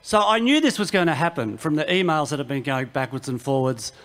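His pitch is a little high, his delivery expressive and brisk. This Australian man is a singer-songwriter trading self-deprecating, wry anecdotes between numbers at an outdoor music festival while an acoustic guitar rings out loudly.

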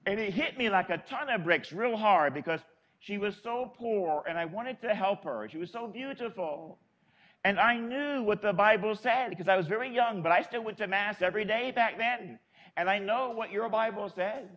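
A man's voice: high voice, normal speed, fairly bright tone, highs cut off. A man from Florida, a Catholic priest, telling a story in a sermon in a chatty, folksy way.

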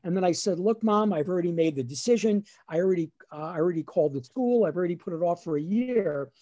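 A man's voice: sits high, fast, highs cut off. A middle-aged man with a New Jersey accent, a lawyer and comedian telling funny family stories on a webinar video call. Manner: animated, acts out family voices. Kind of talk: storytelling stand-up on a webinar.

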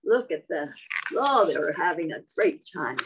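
A woman reading a picture book aloud to young children, slow and sing-song, stopping to ask them questions. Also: low-pitched, big pitch swings, vocal fry, noisy background. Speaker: children's storyteller.

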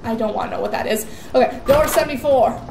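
A woman's voice: a little high, fast, vocal fry, a little mellow. A young woman giving jittery, rambling commentary on a horror game and repeating words in nervous bursts. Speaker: gaming YouTuber. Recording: echoey room with faint noise.

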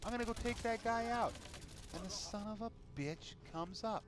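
A man's voice: high voice, moderate pace. A man commentating his own video game play in a frustrated, profane rant. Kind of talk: casual gameplay commentary. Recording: gameplay with loud gunfire behind. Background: game gunfire and clicks.

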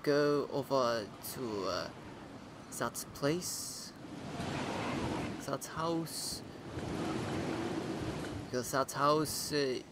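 A man's voice: medium pitch, animated, very slow, long pauses, heavy background noise. A man voicing a new male gamer character with a put-on Australian accent, rambling through gameplay with many fillers. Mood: chatty. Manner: hesitant, filler-heavy, louder than his own voice.

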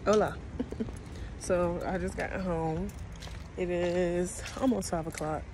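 A woman's voice: on the low side, steady tone, slow pace. Blunt, profane young woman vlogging. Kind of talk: casual vlog chat. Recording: loud street traffic noise. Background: passing cars.

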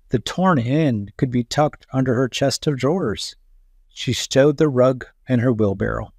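A man's voice: mid-range voice, a little mellow, no echo. A man narrating a children's story at a careful storytelling pace. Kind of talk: children's read-aloud narration. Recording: dry voice-over with faint music.

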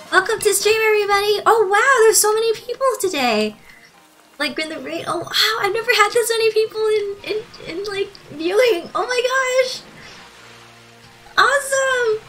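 Very high-pitched bubbly woman streamer. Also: bright, forceful tone, poor audio. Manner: bubbly, gushing, giggly, thanks viewers. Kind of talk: live gaming stream commentary.

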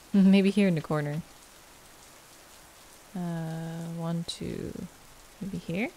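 Playing a game on camera, a female gaming video creator chats with herself, thinks aloud, and hums and giggles along the way. She speaks very slowly in a lowish, dark voice with a steady tone, and there's slight background noise.

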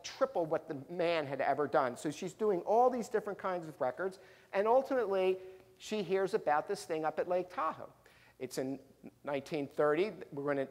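A man giving a storytelling history talk to a live audience, animated, acting out the people in his stories. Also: on the high side. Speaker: professional speaker, local historian. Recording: long reverb of a large hall.

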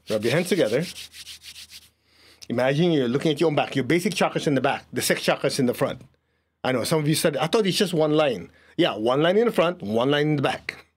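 A man's voice: fairly high pitch, slightly rough. A man teaching an energy healing class, leading a live audience through a guided exercise. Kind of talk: guided group lesson.

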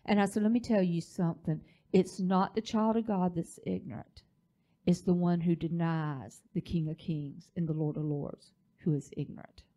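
A woman's voice: fairly low pitch, fairly even intonation, normal speed, mellow. A woman, the pastor's wife, teaching a church leadership class in a preaching style, telling a story with emphasis.

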